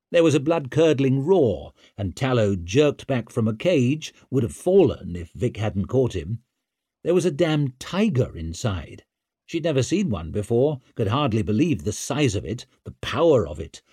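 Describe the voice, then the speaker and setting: A man reading a fantasy novel aloud in a vivid, expressive storytelling manner. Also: lowish voice, breathy edge, dry recording, clean studio sound. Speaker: audiobook narrator. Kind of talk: scripted fantasy narration.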